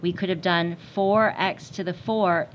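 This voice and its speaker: A woman's voice: lowish voice, fairly even intonation, measured pace. A woman math teacher giving a recorded lesson, repeating warnings emphatically in a playful way. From Canada. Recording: dull lo-fi sound with faint hiss.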